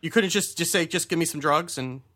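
A man's voice: a little high, fairly quick, pushed and bright. A man hosting a podcast in casual chat, wry and teasing. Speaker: podcast host.

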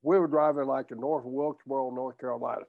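A man's voice: medium pitch, fairly even intonation, fast talker, vocal fry, no room sound. A man in a casual podcast chat, telling stories and laughing easily. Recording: dull lo-fi dry audio.

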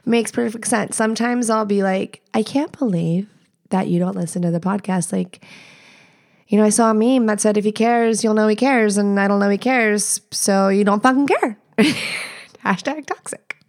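This is a podcast host, a woman in her thirties, speaking at medium pitch and an ordinary pace. Alone at the mic, she spins casual stories with frank, foul-mouthed chattiness and lively side comments.

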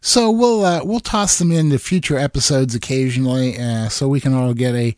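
Chuckling co-host with a dry close sound. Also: male voice, mid-range voice, a little fast, darkish tone, no room sound. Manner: upbeat, chuckling reactions. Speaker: podcast co-host. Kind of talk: casual chat.

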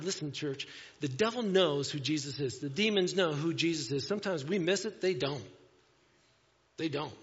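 In a church sanctuary, a pastor preaches in a relaxed, conversational style, alternating scripture with jokes at his own expense. His somewhat high voice has lively intonation, a moderate pace, and slight roughness, and the audio is a bit dull with long hall reverb.

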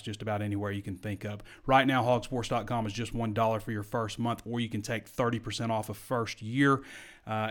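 A man hosting a sports podcast, talking casually through game stats and correcting himself as he goes. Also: fairly low pitch. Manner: chatty, self-correcting, stat-heavy. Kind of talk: casual sports talk show.

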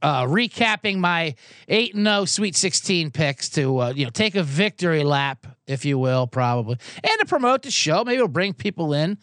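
A man hosting a podcast in a casual comedic rant, exasperated and sarcastic, rambling with quick asides. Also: on the high side, expressive, fairly bright tone, no room sound, studio quality. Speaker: podcast host.

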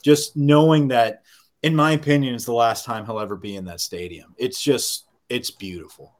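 A man co-hosting a casual sports podcast, telling stories in an excited, profane rush. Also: mid-range voice. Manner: excited, profane, rapid storytelling.

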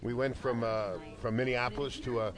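A man co-hosting a wrestling talk show, telling rambling, playful stories in casual chat. His voice sits in a middle pitch. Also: steady tone, brisk, a crowd in the background. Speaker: wrestling podcast co-host.

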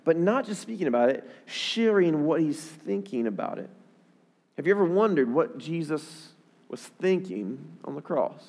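A man preaching a sermon, often repeating words and rising in pitch and volume as he presses a point. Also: darkish tone, long reverb tail. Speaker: pastor.

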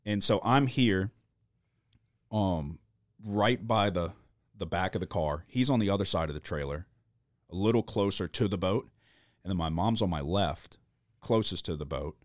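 A man's voice: deep voice, normal speed, pauses often, no room sound, studio quality. A young man hosting a podcast, telling a chaotic story in casual chat, with lots of swearing and filler words.

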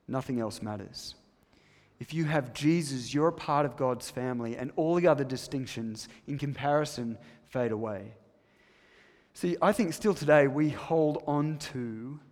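A man preaching a sermon emphatically, swinging between loud stresses and soft, low asides. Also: long reverb tail.

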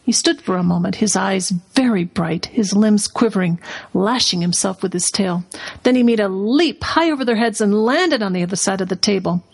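A woman reading a storybook aloud as a guest on a radio talk show in an expressive storytelling manner. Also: medium pitch, moderate pace, creaky, husky. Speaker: guest, curriculum company president.

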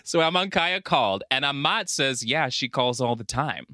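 A man co-hosting a podcast, retelling a film with lively profanity, frequent laughter and acted-out quotes. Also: mid-range voice, normal speed, no room sound, studio quality. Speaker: podcast co-host. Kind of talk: casual movie recap chat.

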